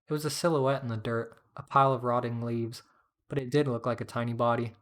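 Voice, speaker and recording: A man's voice: mid-range voice, steady tone, brisk. Man reading a story aloud. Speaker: narrator reading fiction. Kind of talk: first-person story reading.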